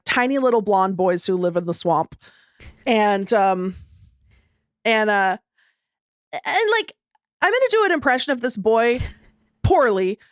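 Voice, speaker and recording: A woman's voice: mid-range voice, dry recording, studio quality. Rambling, giggly woman podcast host. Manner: rambling storyteller, laughs often. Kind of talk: casual chat.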